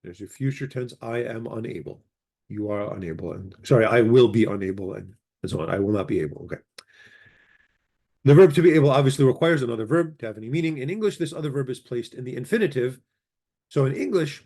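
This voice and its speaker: A man teaching a casual grammar lesson. He explains in a relaxed way and slowly repeats each word form. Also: mid-range voice, creaky, husky. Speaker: language teacher.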